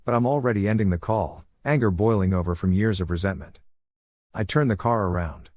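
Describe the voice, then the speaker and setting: Guy narrating a reddit-style story, lowish voice, dead dry sound. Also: a little fast, a little mellow, no room sound. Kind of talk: first-person story narration.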